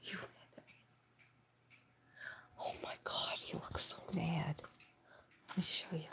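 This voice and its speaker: A woman chatting casually on a live stream from home, rambling and soft-spoken, often dropping to a whisper. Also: on the low side, fairly even intonation, slow pace, long pauses.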